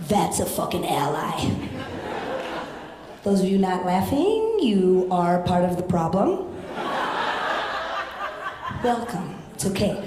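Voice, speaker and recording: A woman's voice: fairly low pitch, sing-song, slow pace, long pauses, very noisy. A young woman doing a stand-up comedy set, brash and profane with punchy delivery, on a handheld mic at a comedy club stage. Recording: roomy club sound.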